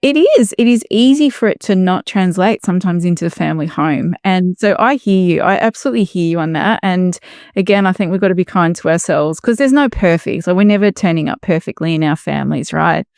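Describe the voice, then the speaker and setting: Woman host, middle-aged, smooth lowish voice, dry close sound, empathetic. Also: a little fast, dry recording. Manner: warm, empathetic, reflective. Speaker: podcast host. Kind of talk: casual conversation.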